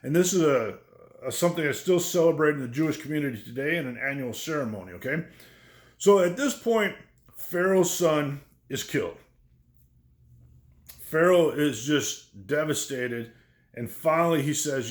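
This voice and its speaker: A man's voice: on the high side, animated, moderate pace, reverberant. A man teaching a lesson on biblical history in a conversational way, often checking in with the listeners. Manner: conversational, checks in with "right?" and "okay?".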